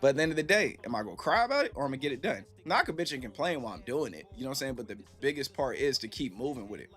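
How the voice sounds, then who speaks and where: A man's voice: mid-range voice, very animated, racing, fairly bright tone, faint music behind. A man streaming from home in a casual, reflective chat, often saying "you know what I'm saying" and answering his chat.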